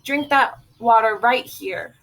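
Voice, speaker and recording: A woman voicing a stern mother who scolds her daughters slowly and firmly. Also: a little high, vocal fry, a bit bright, exaggerated voice, poor audio. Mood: suspicious. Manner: scolding, slow and firm. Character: stern, sharp-tongued mother.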